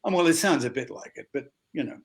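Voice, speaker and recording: A man's voice: mid-range voice, quick pace. Older Australian man telling stories. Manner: lively storyteller who acts out other people's voices. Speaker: guest actor. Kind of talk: anecdotal interview storytelling.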